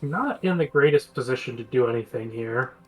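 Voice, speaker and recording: A man playing a tabletop game, calmly talking through what his character can do. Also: mid-range voice, faint music behind, rough recording. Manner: measured, explaining his options. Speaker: player. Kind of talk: casual tabletop play.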